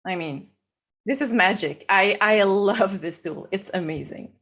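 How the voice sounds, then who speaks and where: A woman's voice: medium pitch, fairly bright tone. A woman with a French accent walking viewers through a photo edit step by step, laughing easily. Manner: slow, explanatory, laughs easily. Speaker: guest photographer. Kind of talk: live photo-editing demo.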